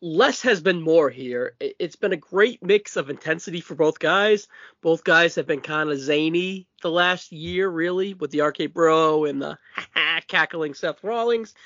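A man with a Massachusetts accent hosting a casual wrestling podcast, brash and profane with quick asides. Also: on the high side, a bit bright, dry recording. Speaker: podcast host. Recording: dull dry lo-fi audio.

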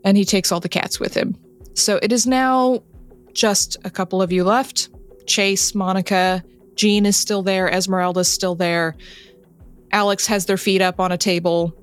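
A woman narrating a tabletop role-playing game as game master, relaxed and conversational, laughing easily. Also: mid-range voice, moderate pace, clear, resonant tone, faint music behind.

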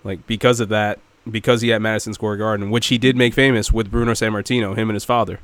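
A man's voice: lowish voice, flat delivery, fast talker, clear, resonant tone, no room sound. A man co-hosting a podcast, chatting casually and laughing often as he talks. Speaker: podcast co-host. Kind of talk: casual chat.

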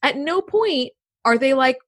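A woman's voice: high voice, animated, a little slow. A woman co-hosting a casual podcast chat, telling stories expressively and acting out quotes with exasperated humor. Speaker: podcast co-host.

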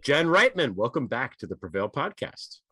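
A middle-aged man hosts a podcast in a mid-range voice at a moderate pace, with music playing behind him. He rants heatedly and animatedly, swearing a lot, before easing into casual chat.

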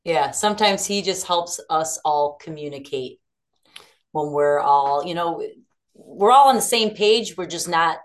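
A low-pitched woman talks about her band in a relaxed interview. She rambles cheerfully through her stories, laughing now and then. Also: unhurried. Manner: chatty, laughing, rambling storyteller. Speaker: band singer and songwriter. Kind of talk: casual interview chat.

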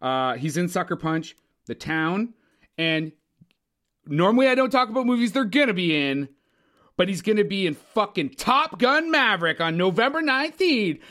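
Animated, profane man reviewing movies. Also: sits high, moderate pace. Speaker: podcast co-host. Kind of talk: casual movie review chat.

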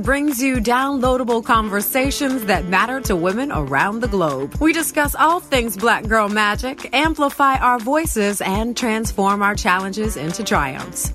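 Upbeat woman announcer over music. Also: fairly high pitch. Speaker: show announcer. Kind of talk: scripted podcast intro. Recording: music bed under the voice.

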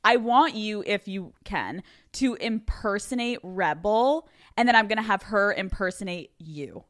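A woman's voice: mid-range voice, measured pace, a bit bright. A woman hosting a podcast interview, blunt and casual, swearing freely. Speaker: podcast host.

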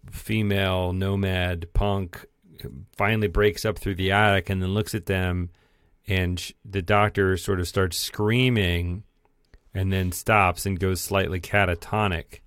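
Slow, deep-voiced man recounting a plot. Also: smooth, dry recording, clean studio sound. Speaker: podcast co-host. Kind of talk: casual film review chat.

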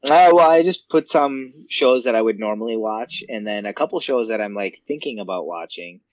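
Easygoing low-voiced man, slightly dull sound. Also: lively intonation, moderate pace, no room sound. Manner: easygoing, short agreeing replies. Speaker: podcast co-host. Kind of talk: casual chat.

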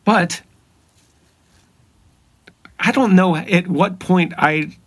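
A man's voice: high-pitched, very slow, a bit bright. A man, sharing a personal faith testimony in an earnest, emphatic way. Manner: earnest, emphatic storytelling with repeated phrases. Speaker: podcast guest.

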